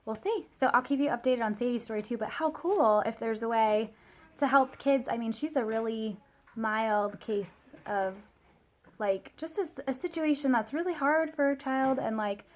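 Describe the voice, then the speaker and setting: Speaking at a normal speed in a voice on the high side, this thirtysomething mom shares a product story in a casual vlog. Her chatty telling is packed with fillers and "like", and when quoting her child she switches to a small, soft voice.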